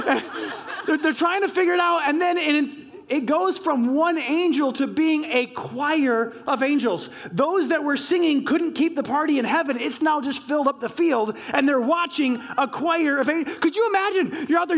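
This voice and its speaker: Guy w a really high voice preaching, super excitable, acts out all the dialogue in his stories. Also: moderate pace. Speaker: pastor. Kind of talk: sermon.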